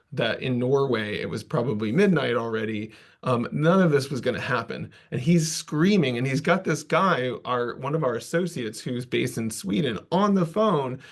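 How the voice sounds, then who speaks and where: Casual man telling a work story. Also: mid-range voice. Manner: casual, self-deprecating, loose asides. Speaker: conference presenter. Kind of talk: conversational storytelling talk.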